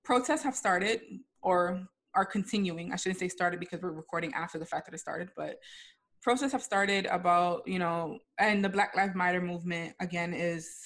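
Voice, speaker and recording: A woman's voice: lowish voice, moderate pace, a bit bright. A young adult woman co-hosting a casual podcast, speaking frankly and emphatically and swearing freely. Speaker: podcast co-host.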